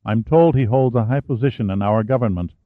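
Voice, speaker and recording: A man voicing a grave French-Canadian prime minister who speaks calmly and measuredly. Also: medium pitch, dry recording, lightly acted. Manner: calm, measured. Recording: phone-like narrow band, dry.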